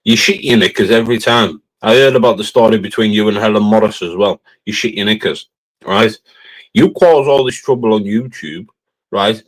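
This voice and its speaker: The recording is low quality, carrying a man's fairly low-pitched voice at a moderate pace. He's a livestream host from northern England with a Cumbrian accent, ranting heatedly and confrontationally while tacking a challenging "right?" onto his phrases over and over.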